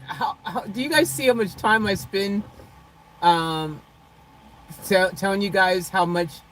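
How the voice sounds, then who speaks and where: A livestream host talks casually to viewers from inside a vehicle, chuckling often and swinging between loud, playfully dramatic teasing and quiet sincerity. The voice sits in a middle pitch, and a faint vehicle hum runs underneath. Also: poor audio.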